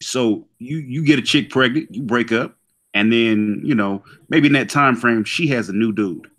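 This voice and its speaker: A man's voice: medium pitch, normal speed, fairly bright tone. A man hosting a casual podcast debate, posing provocative questions. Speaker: podcast host.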